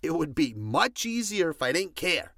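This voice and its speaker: A man's voice: a little high, very animated, moderate pace, pushed and bright, no room sound, studio quality. A man giving a passionate motivational talk, stressing his points by repeating commands. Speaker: motivational speaker.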